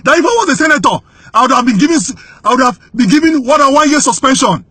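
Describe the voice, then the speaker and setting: Speaking at a quick, animated pace, this Nigerian man delivers whistleblower testimony in a piercing, very high and bright voice that turns slightly rough. He sounds urgent and indignant, breaking into shouts to drive his point home. It's a close, dry recording with no echo.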